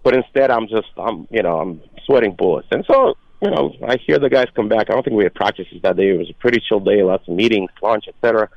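A man from Russia, a former player, telling a lively story as a guest on a sports radio podcast. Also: on the low side, fast, gravelly, few pauses, no room sound. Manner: animated anecdote with acted quotes. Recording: dry, dull lo-fi call audio.

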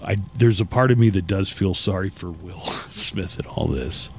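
A man's voice: deep voice, moderate pace, gravelly, a little mellow, slight background noise. A man hosting a morning radio show, chatting wryly with co-hosts and reading an ad. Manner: wry, chatty, reads ad copy. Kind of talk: casual radio talk.

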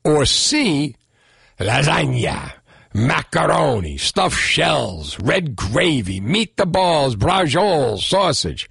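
A man's voice: on the high side, slow pace, gravelly, husky, dry recording, studio quality. A middle-aged man hosting a radio talk show, joking and rambling about food. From Italian-American. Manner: animated, jokey, rambling. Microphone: studio microphone.

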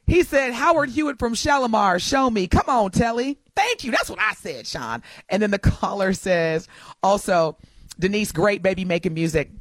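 A woman co-hosting a casual radio talk show, animated and quick to laugh as she reads listener messages aloud. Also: mid-range voice, dry recording. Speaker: radio co-host.

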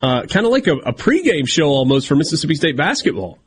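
Wry, easygoing sports radio host. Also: male voice, a little high, big pitch swings, fast, slight background noise. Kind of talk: radio show banter.

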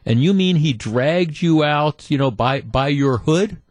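A man's voice: on the high side, expressive, measured pace, a little mellow, dry recording. A man mimicking an outraged, overprotective mother in a mocking, exaggerated way. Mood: indignant.

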